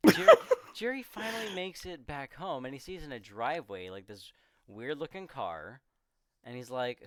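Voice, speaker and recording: A young man co-hosting a casual movie discussion, rambling and swearing freely as he acts out scenes in quick voices. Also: medium pitch, sing-song, a bit bright, dry recording. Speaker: podcast co-host.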